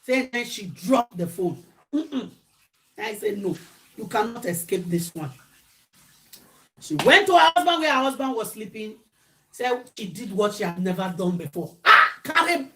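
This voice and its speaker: A woman's voice: medium pitch, very animated, normal speed, long pauses. A Nigerian woman vlogger telling a gossip story during a mukbang, mimicking the people in it. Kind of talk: chatty storytelling while eating.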